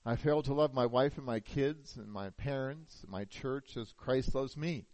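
A man's voice: mid-range voice, moderate pace, darkish tone, dry recording, poor audio. Man, middle-aged pastor, sermon, earnest rhetorical questions, dry sound.

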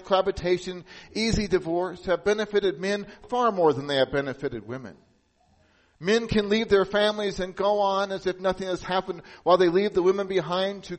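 A pastor delivers a sermon earnestly, sinking into a hushed, solemn tone when he wants to stress a point. His voice is high-pitched, and the audio quality is poor.

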